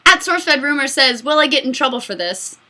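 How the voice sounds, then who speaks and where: A woman in her mid-twenties hosting a casual fan Q&A, excitable and giggly, rambling between answers. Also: sits high, a little fast. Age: mid-20s. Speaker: YouTube host answering fan questions. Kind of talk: casual Q&A chat.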